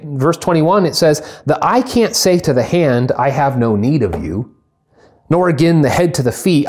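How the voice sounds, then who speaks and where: Animated man preaching a sermon. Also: on the high side. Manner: animated preaching, acts out comic voices. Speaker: pastor.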